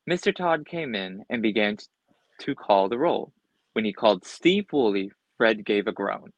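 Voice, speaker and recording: A man's voice: fairly low pitch, moderate pace, no echo, low-quality recording. Man reading a children's storybook aloud. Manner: expressive, occasional slips and restarts. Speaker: storybook reader.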